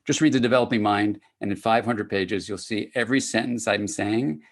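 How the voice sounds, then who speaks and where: An older man giving a conversational academic lecture to clinicians, lively and acting out little dialogues. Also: fairly quick. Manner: animated, conversational, acts out dialogues with rising pitch.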